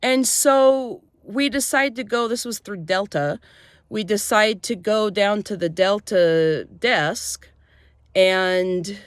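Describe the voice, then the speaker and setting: A woman vlogger telling a personal story in an emotional, halting way, often breaking off and restarting. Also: mid-range voice, no room sound, studio quality.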